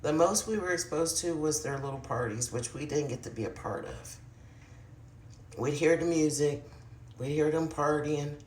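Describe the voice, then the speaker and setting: Speaking to the camera at a medium pitch and normal speed, an adult vlogger shares a personal paranormal story in a casual, confiding way. They often address viewers directly and sometimes sink to a hushed murmur, and the sound is roomy.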